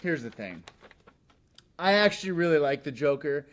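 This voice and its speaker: A man's voice: fairly high pitch, lively intonation, normal speed. A male host delivering a comic monologue with sarcastic, jokey asides. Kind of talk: comedic talk show monologue.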